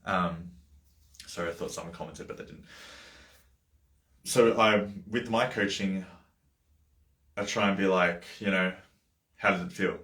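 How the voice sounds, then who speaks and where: A man's voice: deep voice, steady tone, a little slow, long pauses, a bit bright. A man coaching and reflecting on a Bible chapter in loose, conversational livestream talk with plenty of fillers and asides. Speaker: life coach hosting a Bible study livestream. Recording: roomy echo.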